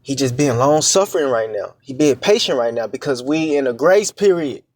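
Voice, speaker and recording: With a medium pitch, lively intonation and darkish tone, a preacher teaches scripture casually, checking in with "all right?" and "man" while halting on fillers and starting over. He reads verses slowly and deliberately, with no room sound.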